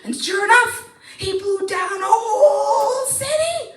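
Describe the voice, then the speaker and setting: A woman storyteller telling a tale live to an audience, animated and playful, heard in a hall from a distant mic. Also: extremely high pitch, slow pace, slight background noise.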